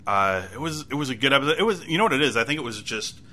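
A man's voice: mid-range voice, expressive, rapid-fire, pushed and bright, slight background noise. A man co-hosting a casual TV recap podcast, rambling and self-mocking with many restarts. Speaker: podcast co-host.

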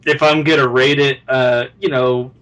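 A man's voice: mid-range voice, level tone, normal speed, a bit bright, lo-fi sound. A man co-hosting a casual podcast, reviewing a movie in a rambling way full of fillers and asides. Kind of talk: casual chat.

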